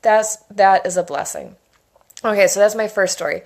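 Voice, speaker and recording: Woman, 30s, chatty and excitable, casual monologue, rambling stories. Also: mid-range voice, moderate pace. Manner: chatty and enthusiastic, rambling storytelling. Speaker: essential oils educator.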